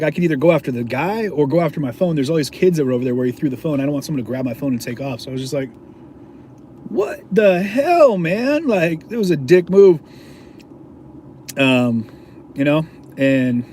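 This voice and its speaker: A man's voice: medium pitch, a little mellow, slight background noise. Laid-back man telling a slangy story. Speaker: independent video journalist. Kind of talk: casual storytelling to camera.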